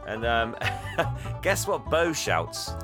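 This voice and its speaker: A man's voice: very animated, very slow, music in the background. A man, casually recapping a film for a co-host, laughing often and acting out lines. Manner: chuckling, acts out lines in higher voices. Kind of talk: casual chat, reading out scenes.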